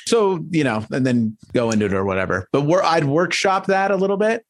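Upbeat male co-host coaching on sales, voice on the higher side. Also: expressive. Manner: upbeat, coaching, quick to role-play. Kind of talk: casual podcast chat.

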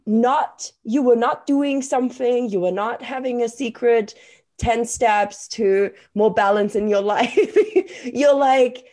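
A woman's voice: on the high side, slow, darkish tone. A woman hosting a casual conversation, talking with enthusiasm and emphasis and swearing now and then. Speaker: podcast host.

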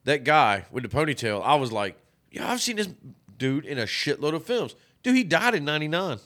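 A man's voice: a little high, animated, a little fast, a bit bright. A man co-hosting a podcast, chatting casually and profanely while reviewing a movie. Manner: profane, rambling, joking. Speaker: podcast co-host.

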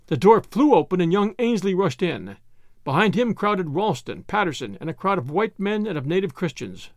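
A man reading a story aloud in a measured, dramatic way. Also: high-pitched, sing-song, dry recording, studio quality. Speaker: narrator. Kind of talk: audiobook narration.

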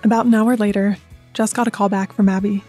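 A woman narrating a scripted sports documentary with an even, measured delivery. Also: medium pitch, faint music behind. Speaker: narrator and interviewer.

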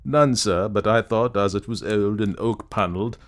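A man's voice: lowish voice, moderate pace, lightly acted. A man voicing the meek, apologetic ghost of a silly young man in a spoken story. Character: weak, silly, aimless young male ghost.

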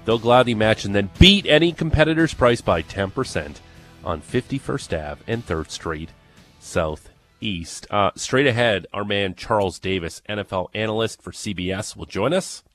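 A man's voice: fairly low pitch, normal speed, fairly bright tone, faint music behind. A man hosting a sports radio show, chatting casually and reading promos and previews. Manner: upbeat, reads promos and previews.

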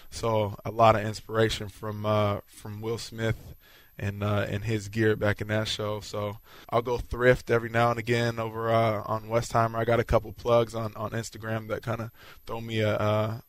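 Low, flat-voiced football player. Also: male voice, normal speed, no room sound. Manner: relaxed, modest, fillers. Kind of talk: post-practice interview.

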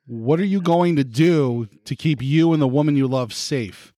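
A man's voice: fairly high pitch, moderate pace, mellow, no echo, studio quality. A man narrating as game master of a tabletop game, often restarting his sentences.

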